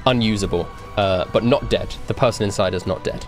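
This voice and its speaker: A man's voice: lowish voice, a little fast, faint music behind. A man running a tabletop game as game master, casually describing the action and the rules.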